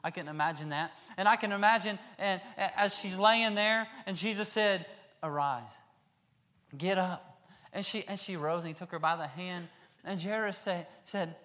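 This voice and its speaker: A man preaching a sermon, reading scripture aloud and then acting out the characters in lively voices. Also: high voice, moderate pace.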